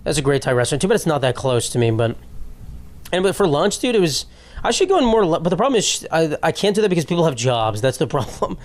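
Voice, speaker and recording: A man's voice: a little high, sing-song, fast talker. A young man hosting his own comedy podcast, ranting in a profane, rambling and self-mocking way. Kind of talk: solo comedic podcast rant.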